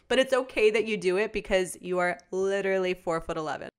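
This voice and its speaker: A woman's voice: mid-range voice, fast, clean tone. A woman in her twenties co-hosting a podcast, chatting casually and teasing her friend as she tells stories. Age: 20s. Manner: animated storyteller who teases her friend. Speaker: podcast co-host. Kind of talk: casual chat.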